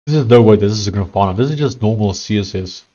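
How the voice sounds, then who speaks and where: A young man talks casually through a live coding stream, voice sitting a little low. He thinks out loud, trails off mid-sentence and fills the gaps with "um" and "uh" as he reads the chat. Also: fast talker, lo-fi sound. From South Africa. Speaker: live-streaming software developer.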